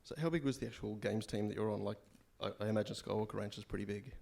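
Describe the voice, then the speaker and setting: A man hosting a casual stage interview, asking quick questions and tossing in jokes. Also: lowish voice, steady tone, gravelly, a little mellow. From Australia. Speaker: interviewer host.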